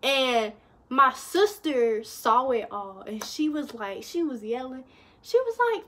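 A young woman tells a story to her viewers in a relaxed, unhurried way. Her voice sits a little high, and she keeps the telling chatty, turning to the audience again and again as she goes. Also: slight background noise. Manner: chatty, addresses viewers as y'all, lively retelling. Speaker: vlogger. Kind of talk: casual storytime.

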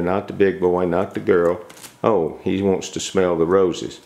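A man's voice: sits low, level tone, measured pace, gravelly, darkish tone. A man filming puppies on a kitchen counter at home, chatting casually and coaxing them to come to him. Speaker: dog breeder filming puppies. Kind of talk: casual home video narration.

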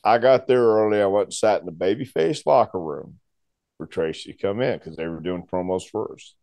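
A man's voice: on the low side, normal speed, no room sound. A man in his sixties, a guest telling a long story in conversation and acting out the other people's voices. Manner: animated storyteller who acts out voices.

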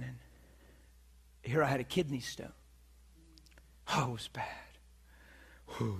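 A middle-aged man preaching, telling a personal story with animated delivery, acting out voices and laughing often. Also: mid-range voice. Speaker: preacher teaching on healing. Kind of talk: sermon storytelling. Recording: live teaching session, room mic.

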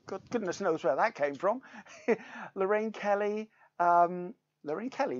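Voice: mid-range voice, a little slow, no echo, highs cut off. A craft show host, giving a chatty live demonstration and reading viewer comments aloud.

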